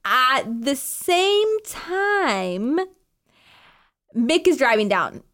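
Animated chatty woman, highish voice. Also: very slow. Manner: animated, acts out characters' lines, laughs often. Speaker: podcast co-host. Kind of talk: casual book discussion.

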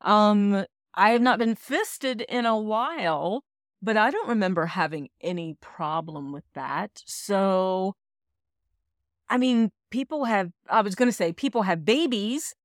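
A woman's voice: mid-range voice, animated, measured pace, no echo, clean studio sound. A woman co-hosting a casual podcast, talking frankly and laughing often. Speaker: podcast co-host.

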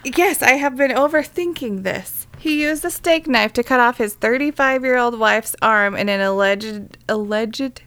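A woman with a high-leaning, fairly bright voice co-hosts a casual podcast, reading a crime story a little slowly with few pauses. She reads the news, then breaks off with blunt, irreverent jokes and swearing.

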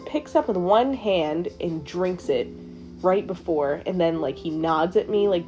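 A woman's voice: lowish voice, a little mellow. A young woman hosting her own show, telling a story in a casual, chatty way, swearing and saying "like" a lot. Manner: profane, chatty, heavy use of "like". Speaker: show host.

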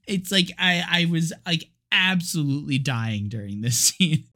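A man's voice: on the high side, lively intonation, normal speed, hardly any pauses, pushed and bright. A man co-hosting a podcast, chatting casually about a movie, laughing often and talking with lots of filler words. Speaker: podcast co-host.

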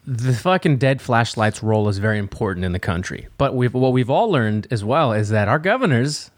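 A man co-hosts a casual political podcast, blunt and profane and quick to laugh. His mid-pitched voice comes through dry and close, with no room around it. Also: expressive, no room sound. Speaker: podcast co-host.

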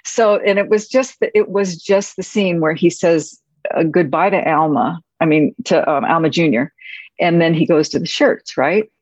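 A woman screenwriter reflecting on a film shoot, speaking softly and haltingly, with many pauses and restarts. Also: fairly low pitch, no echo. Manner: soft-spoken, halting, with frequent pauses and restarts. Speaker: screenwriter guest. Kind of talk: reflective anecdotal storytelling. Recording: dull, muffled audio.

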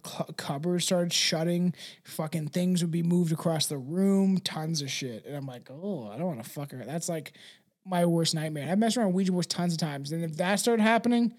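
A podcast co-host chats casually in a slightly high, steady, somewhat mellow voice at a brisk pace. He rambles and swears, laughs easily, and sometimes drops into a mumble.

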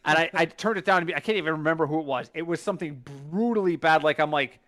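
A man's voice: on the high side, fast talker. A man co-hosting a podcast in casual chat, talking emphatically and stumbling over his words as he recalls things. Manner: emphatic, lively, restarts and stumbles when recalling. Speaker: podcast co-host.

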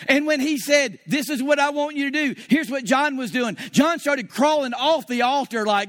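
Man, pastor, sermon, high voice, lively storytelling delivery. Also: normal speed. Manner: animated storyteller, acts out his own past dialogue.

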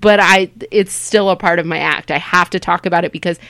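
A woman stand-up comedian from Southern California, a podcast guest rambling through stories in animated, casual interview chat. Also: on the low side, brisk, no echo.

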